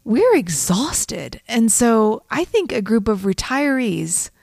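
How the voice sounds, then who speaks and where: A woman's voice: fairly high pitch, big pitch swings, slow pace, vocal fry, a little mellow, dry recording, clean studio sound. A middle-aged woman co-hosting a podcast, chatting with a wry, observant manner. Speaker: podcast co-host. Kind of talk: casual chat.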